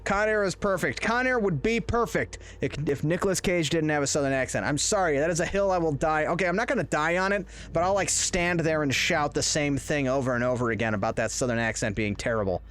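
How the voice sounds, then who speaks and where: This is casual live-stream commentary from a man playing a horror game, rambling and joking and talking to his chat. He speaks fairly quickly with few pauses, in a slightly bright voice on the high side.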